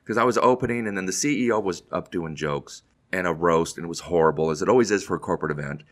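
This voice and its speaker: Fast-talking low-voiced comedian man. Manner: animated anecdote teller, acts out quotes. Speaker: comedian guest. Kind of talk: casual storytelling.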